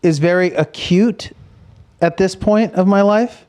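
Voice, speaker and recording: A man co-hosting a comedy podcast in casual chat, speaking in a low-key, halting way and trailing off mid-thought. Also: a little mellow. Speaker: podcast co-host.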